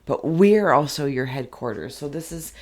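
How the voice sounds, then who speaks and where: A spiritual reader hosting an inkblot reading channel, who rambles with loose, repetitive phrasing and sometimes drops into soft, emotional half-whispers. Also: medium pitch, animated, moderate pace.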